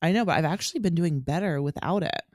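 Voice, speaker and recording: A woman's voice: lowish voice, fast, a little mellow, no echo, studio quality. A woman in her thirties co-hosting a podcast in casual chat, playful and self-mocking, laughing often. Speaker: podcast co-host.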